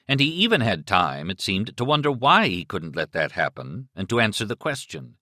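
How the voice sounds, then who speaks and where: A male audiobook narrator reads with a dramatic, expressive delivery and a low voice that rises and falls widely. His tone is bright and forward, and the recording is dry and close with no room sound. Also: normal speed, few pauses, dry recording. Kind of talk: scripted narration.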